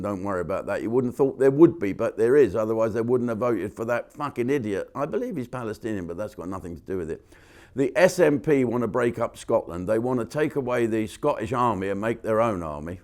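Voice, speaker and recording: A man's voice: on the low side, a little mellow. A man hosting a comic rant to camera from a studio, sarcastic and profane. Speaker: comedian host.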